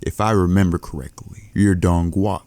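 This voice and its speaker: A man's voice: deep voice, steady tone, normal speed, a little mellow, no room sound, natural voice. A man voicing a brash young male martial artist who talks in a provoking, coarse way. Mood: mocking.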